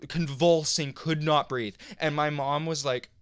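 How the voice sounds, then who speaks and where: A young man co-hosting a podcast, telling a personal story in an animated, halting way with lots of fillers. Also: on the high side, smooth, no echo, studio quality. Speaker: podcast co-host. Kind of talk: casual storytelling chat.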